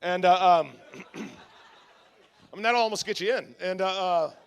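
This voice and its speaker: A middle-aged guest pastor from Southern California preaches a conference sermon in a high-pitched, clear, resonant voice at a measured pace. He's a humorous, self-deprecating storyteller, telling funny stories full of asides and frequent restarts.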